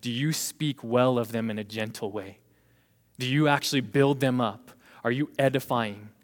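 A young man in his twenties preaching a lively sermon as a youth pastor, laughing now and then and acting out what people say. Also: mid-range voice, moderate pace. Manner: animated, laughs while preaching, acts out quoted voices. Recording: long hall reverb.

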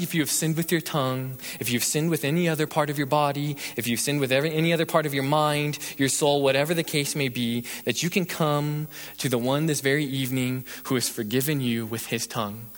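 A male pastor giving an evening sermon and prayer, preaching emphatically with repeated rhetorical questions and swinging between intense passages and hushed ones. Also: medium pitch. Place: church sanctuary. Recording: long hall reverb.

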